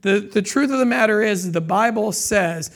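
A man's voice: high voice, normal speed, creaky, a bit bright. A man preaching a sermon, reading scripture and retelling it in casual, plain words. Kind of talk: sermon teaching.

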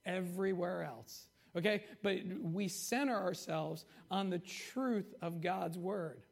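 A man preaching a conversational sermon as pastor, slowing down to stress key points and often asking the congregation "right?" and "okay?". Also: high voice, vocal fry. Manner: slows down for emphasis on key points.

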